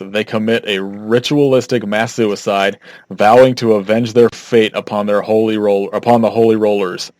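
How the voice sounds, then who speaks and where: A young man co-hosts a podcast, his voice sitting a bit low. He chats casually and rambles through fillers, laughing often as he goes. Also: fairly even intonation, moderate pace, darkish tone, dry recording. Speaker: podcast co-host. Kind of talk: casual chat.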